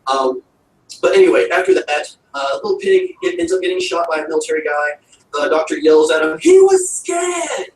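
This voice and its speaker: A man's voice: fairly high pitch, fairly even intonation, a little fast. A man giving a rambling, casual recap of a TV episode, full of fillers. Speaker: show reviewer. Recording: roomy, distant mic with faint noise.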